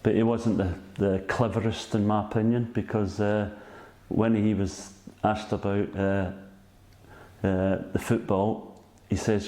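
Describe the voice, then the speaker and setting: A man's voice: fairly low pitch, flat delivery, measured pace, warm tone, echoey room. A Scottish man in his sixties, a former footballer, telling rambling stories as a guest and often asking "you know what I mean?". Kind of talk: casual anecdote telling.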